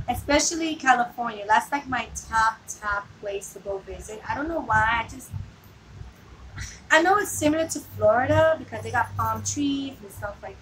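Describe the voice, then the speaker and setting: In a live, easygoing chat with viewers, this vlogger speaks a little high at a moderate pace. She wanders from topic to topic, laughs often and peppers her talk with "like" and "you know." She's captured on a faraway phone mic amid noticeable background noise.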